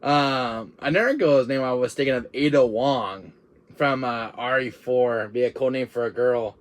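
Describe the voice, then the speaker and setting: A man's voice: medium pitch, moderate pace. A man hosting a gaming vlog, chatting in a rambling way and laughing often. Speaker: gaming channel host. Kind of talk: casual vlog monologue.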